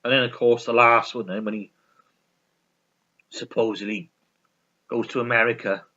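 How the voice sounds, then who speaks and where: A man's voice: medium pitch, steady tone, normal speed, sharp tone. A man chatting casually on his vlog, rambling and swearing, often stumbling and laughing. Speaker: vlogger. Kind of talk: casual chat reviewing a sitcom. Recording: dull lo-fi recording.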